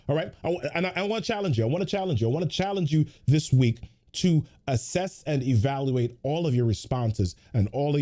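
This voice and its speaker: A man with a mellow, warm voice delivers a motivational pep talk, firing off one rhetorical question after another. He sounds like a show host speaking straight to his viewers, casual but preachy. His pitch sits in the middle for a man. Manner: greets viewers in a chatty way. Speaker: host of a weekly motivational livestream.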